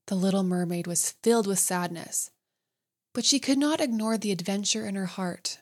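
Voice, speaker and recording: A woman reading a bedtime fairy tale aloud, gentle and soothing. Her voice sits at a medium pitch and moves at an unhurried storyteller's pace. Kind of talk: calm bedtime story narration.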